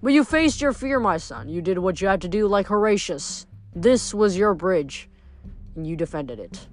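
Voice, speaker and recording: A woman voicing a stern, proud male war god from a storybook who speaks in a warm, commanding way. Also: medium pitch, moderate pace, soft background music, close to an everyday voice.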